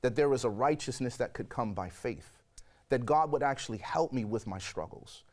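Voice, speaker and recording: A man in his forties sits as a guest and tells his story in a lively, expressive way. His voice sits at an ordinary middle pitch, and he speaks with real conviction. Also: normal speed. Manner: animated storyteller, acts out quoted voices. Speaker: guest sharing a conversion testimony. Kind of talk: storytelling interview.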